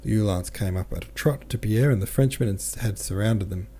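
Husky, dark-voiced male audiobook narrator. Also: on the low side. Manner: measured, steady. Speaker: audiobook reader and translator.

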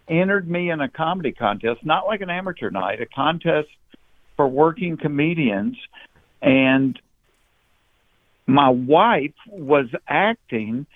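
A Southern man with a thick Georgia accent talks over a tinny phone line, sitting a little high in his range. He is in his fifties and tells easygoing stories, laughing often and doubling back on his words as he starts a thought. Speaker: comedian guest. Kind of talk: casual interview.

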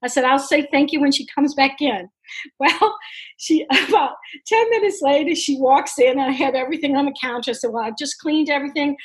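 Middle-aged woman, high voice, lively anecdote teller who laughs through it. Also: brisk, low-quality recording. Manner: animated, laughs often. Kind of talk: casual storytelling.

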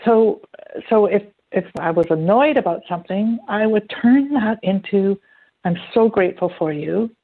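A woman's voice: medium pitch, moderate pace. A woman chats freely and tells stories, slipping into acted-out quotes. Her voice comes through thin and narrow, like a phone line. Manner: chatty, animated storytelling with acted-out quotes. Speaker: guest. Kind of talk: casual conversational interview.

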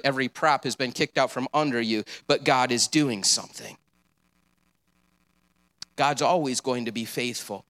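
A man's voice: a little high, a bit bright. A man preaching a sermon, earnest and encouraging, with casual asides.

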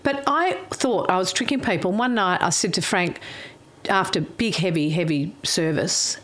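Middle-aged woman, a bit low-voiced, meandering chatty storyteller, laughs a lot. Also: normal speed, a bit bright. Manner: rambling storyteller, laughs often. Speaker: former chef. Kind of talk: casual reminiscing chat.

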